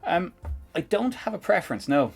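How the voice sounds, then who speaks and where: A man's voice: high-pitched, sing-song, moderate pace, creaky, husky, soft background music. A man with a Northern Irish accent, streaming a live coding tutorial and chatting in a rambling, chuckling way. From Northern Ireland. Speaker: programming streamer.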